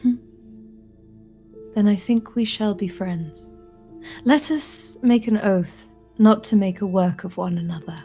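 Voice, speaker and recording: A woman's voice: mid-range voice, slow, long pauses, soft background music, natural voice. Woman whispering as an eerie obsessive artist. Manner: hushed, unsettling, softly intense. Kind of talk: whispered role-play.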